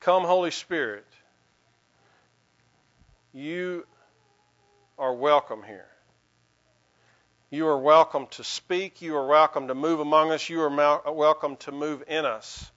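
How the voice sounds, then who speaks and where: A man's voice: fairly high pitch, slow, long pauses, fairly bright tone, muffled recording. A male pastor giving a sermon in an earnest, conversational way, with a folksy sense of humor.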